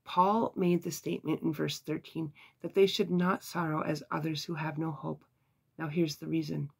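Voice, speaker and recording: Gravelly husky voice teaching a bible devotion, earnest and steady, sighs now and then. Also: medium pitch, moderate pace.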